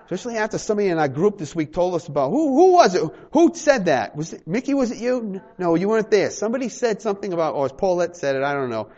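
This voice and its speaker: A man's voice: sits high, fast talker, hardly any pauses, lo-fi sound. A man preaching a sermon to a small congregation, acting out little dialogues and joking with the room. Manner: animated, acts out little dialogues, jokes with the congregation. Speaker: pastor.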